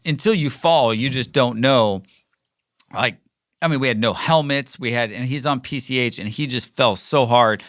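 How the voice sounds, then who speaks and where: Bright-voiced man telling a story. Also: medium pitch, dry recording, clean studio sound. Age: middle-aged. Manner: rambling, animated, many fillers and restarts. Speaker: podcast host. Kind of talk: casual storytelling monologue.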